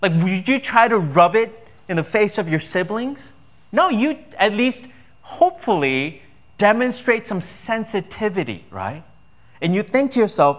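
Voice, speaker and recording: Male pastor, slightly higher voice, chatty sermon delivery with rhetorical questions. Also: very animated, moderate pace, a bit bright. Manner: conversational preaching with rhetorical questions.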